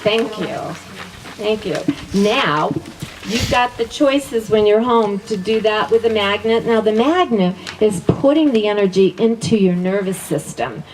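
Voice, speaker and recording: A middle-aged woman teaches a class in an upbeat, chatty way, repeating each affirmation twice and laughing often. Her voice sits at a middle pitch and sounds set back from the microphone. Faint background noise runs under her words. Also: unhurried, a little mellow, recorded from a distance, poor audio. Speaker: wellness teacher.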